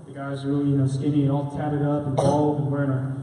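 A man's voice: mid-range voice, completely flat delivery, fast talker, warm tone. A young man telling a slangy, casual testimony story at a student rally. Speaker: student speaker. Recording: echoey hall from far off.

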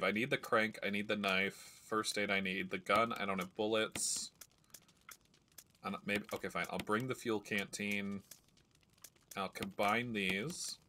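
A man's voice: on the low side, sharp tone, slight background noise. A man streaming a video game, chatting casually and rambling through stories as he plays. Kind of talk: casual gameplay commentary.

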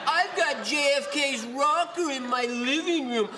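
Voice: high voice, a little slow, noisy background, voice pushed up. A comedian doing a gloating, vain rich buyer. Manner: gloating, showing off. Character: vain wealthy buyer pretending to be JFK.

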